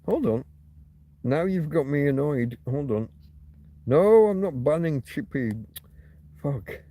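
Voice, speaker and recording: A man's voice: a little high, animated, slow pace, dark tone. A man hosting a casual, rambling livestream who rants and swears freely, repeating and restarting his words as he reads viewer comments. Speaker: livestream host.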